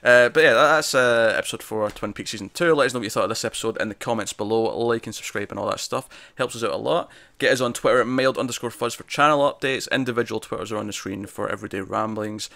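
A man's voice: on the low side, fast talker, gravelly, few pauses, pushed and bright, dry recording. A man co-hosting a casual review chat, talking in an analytical way with lots of restarts. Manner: chatty, analytical, frequent restarts. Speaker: podcast co-host.

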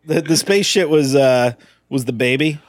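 A man's voice: mid-range voice, moderate pace, no room sound, clean studio sound. A man co-hosting a casual movie review podcast, rambling and joking as he recaps the plot. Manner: rambling, joking, self-interrupting. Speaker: podcast co-host.

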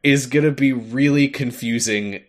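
A young man co-hosting a podcast, casually recapping a game's story with animated retelling and frequent laughter. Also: mid-range voice, measured pace. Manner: animated storytelling, laughs often, acts out lines. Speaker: podcast co-host. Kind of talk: casual chat recapping a game.

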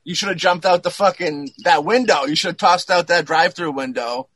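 A man hosting a casual chat, swearing freely and riffing quickly. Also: high-pitched, fairly bright tone, slightly rough, dry recording. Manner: crude, swearing, rapid riffing. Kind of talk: casual chat over a call.

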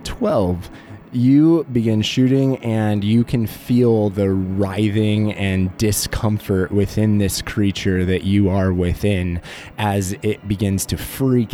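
A man's voice: on the low side, warm tone, a little hiss or hum. A man narrating a tabletop horror game as game master, with vivid, playful description.

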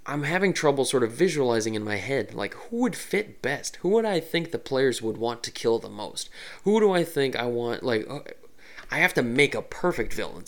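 Rambling, animated man hosting a podcast. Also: medium pitch. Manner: rambling, animated, many fillers. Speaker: podcast host and game master. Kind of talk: casual solo podcast monologue.

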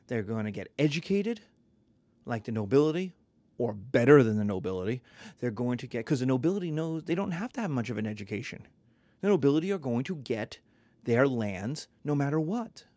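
A man lecturing on history in a lively, conversational way, sometimes acting out little voices. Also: a little high, dry recording.

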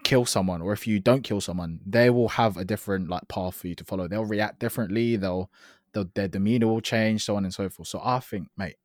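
A man's voice: lowish voice, fairly quick, no room sound. Chatty young man, dry sound. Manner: chatty, enthusiastic, slangy. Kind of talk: casual gaming chat.

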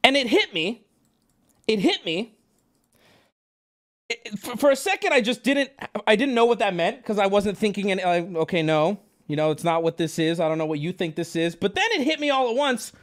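Animated high-voiced male streamer, faint music. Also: normal speed. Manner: animated, swearing, rambling with restarts. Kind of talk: casual livestream storytelling.

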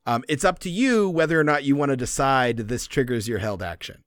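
A man's voice: mid-range voice, fairly quick, dry recording, studio quality. A man narrating as game master, describing scenes and rules with frequent laughter. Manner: animated, descriptive, laughing often.

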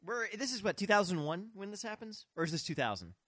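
A man's voice: high-pitched, big pitch swings, quick pace, fairly bright tone, no echo, clean studio sound. A man co-hosting a casual podcast chat, goofy and playful, often laughing as he talks. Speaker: podcast co-host.

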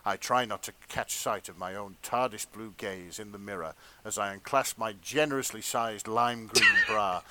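A man's voice: fairly low pitch, sharp tone. Giggly man reading fanfic aloud. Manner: reads slowly, often breaking into laughter. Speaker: podcast co-host and reader. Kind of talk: comedic dramatic fanfic reading.

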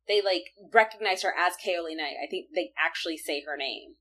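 A woman co-hosting a casual podcast, retelling an episode with animated play-acting of the characters' lines. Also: fairly low pitch, a little fast, few pauses. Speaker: podcast co-host. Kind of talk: casual chat recapping an anime.

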